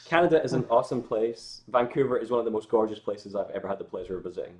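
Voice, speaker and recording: A man's voice: on the low side, expressive, racing, a little mellow. A Scottish man chatting casually as a guest on a livestream, rambling with lots of filler words and jokey asides. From Scotland. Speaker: guest musician.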